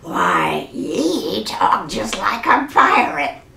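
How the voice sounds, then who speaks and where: A woman voicing a grumpy male pirate captain with gruff, blustery pirate talk, reading a children's storybook. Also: mid-range voice, wildly swooping pitch, drawn-out words, pushed and bright, echoey room, recorded from a distance, heavily acted. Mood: delighted.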